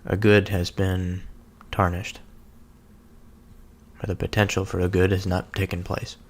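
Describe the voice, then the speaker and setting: A man giving a slow, halting contemplative reflection on a scripture reading, pausing often and thinking aloud as he goes. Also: deep voice, flat delivery. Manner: slow, halting, with many pauses and fillers. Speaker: solo speaker reflecting on scripture.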